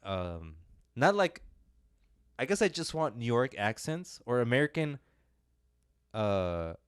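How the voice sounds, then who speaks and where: A man's voice: medium pitch, big pitch swings, takes it slowly, clean tone, no echo, studio quality. A young man co-hosting a film podcast, talking in a loose, rambling way with lots of fillers and self-deprecating asides. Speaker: podcast co-host reviewing films. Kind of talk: casual podcast chat.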